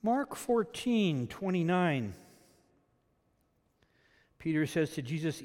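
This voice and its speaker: A man from Canada preaching a sermon. He swings between loud, emphatic peaks and quiet asides. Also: medium pitch, animated, a little slow, big-room sound. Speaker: pastor.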